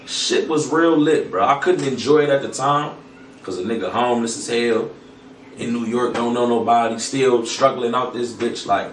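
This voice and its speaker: A man who is a guest battle rapper, telling stories in a casual podcast chat, animated and swearing a lot. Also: mid-range voice, moderate pace. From Toledo, Ohio. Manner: animated, swears a lot, acts out quoted voices. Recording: echoey room, mic far off, faint noise.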